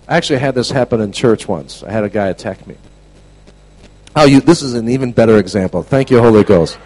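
A man preaching a storytelling sermon to a class, animated, dropping to a hush and then shouting. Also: mid-range voice, fast talker, low-quality recording. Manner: animated, swings from hushed to shouting.

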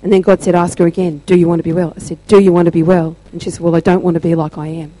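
A woman sharing a church testimony, telling her story slowly and deliberately with emphatic pauses. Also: on the low side, flat delivery, mellow, a little hiss or hum, low-quality recording.

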